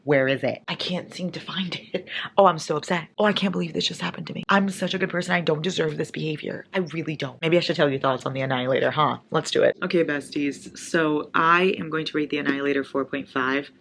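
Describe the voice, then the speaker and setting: A young adult woman talking casually to viewers in a reading vlog, dramatic and animated, shifting from whispers to exclamations. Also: low voice, fast, vocal fry, slight background noise. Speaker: book vlogger.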